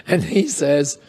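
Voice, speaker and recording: A man telling a casual anecdote in an interview, lively, with chuckles and quick asides. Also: a little high, creaky, breathy edge. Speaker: interview guest, storyteller.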